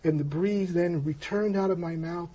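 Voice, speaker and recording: A man telling a personal story of his spiritual experience, halting and reflective, with frequent pauses and restarts. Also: high-pitched, dark tone, breathy edge. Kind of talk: personal testimony.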